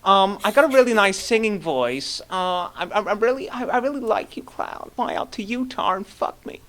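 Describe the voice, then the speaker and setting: A man putting on a mocking, whiny young woman singer voice in an exaggerated squeaky falsetto with fake crying. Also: expressive, moderate pace, a bit bright. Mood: pleading.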